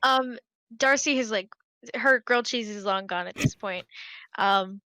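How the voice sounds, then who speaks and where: A woman playing in a tabletop game, polite and animated. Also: medium pitch, measured pace, smooth, dry recording, low-quality recording. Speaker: player. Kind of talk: tabletop role-play chat.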